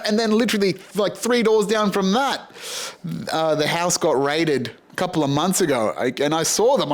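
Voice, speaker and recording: Australian male podcast host, slightly high voice, loose rambling monologue, sweary and self-amused. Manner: rambling, sweary, laughs at his own jokes. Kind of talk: casual monologue.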